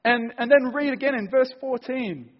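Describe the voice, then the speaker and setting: Husky preacher in a reverberant church. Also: male voice, extremely high pitch, moderate pace. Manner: emphatic, reads scripture aloud, builds to loud emphasis. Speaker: pastor. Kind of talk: sermon. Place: church hall. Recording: dull sound in a long-echo church hall.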